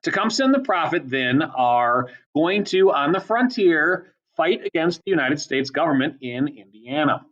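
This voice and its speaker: A male teacher gives a casual history lecture, chatty and full of ums and quick asides. His voice sits a little high. The recording is dull and lo-fi. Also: big pitch swings, a bit bright.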